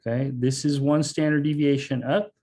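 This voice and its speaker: A man's voice: fairly high pitch, steady tone, normal speed, mellow. A man teaching a math lesson online, explaining step by step in a casual way and saying "okay" and "um" often. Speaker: math instructor. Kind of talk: online lecture.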